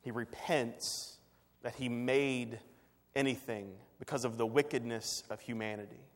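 A man's voice: mid-range voice, steady tone, a little slow, long reverb tail. A man preaching a sermon, telling a personal story in a conversational way with fillers and restarts. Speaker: pastor.

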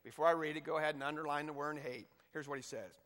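A man's voice: a little high, fairly even intonation, fast talker, a bit bright, in a large hall. A male pastor preaching a sermon, emphatic, reading scripture aloud between points, with an occasional cough. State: coughing now and then.

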